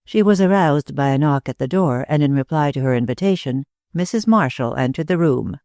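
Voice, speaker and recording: An audiobook narrator reading a classic mystery in a measured, even way. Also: medium pitch, no room sound, studio quality. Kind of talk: scripted narration.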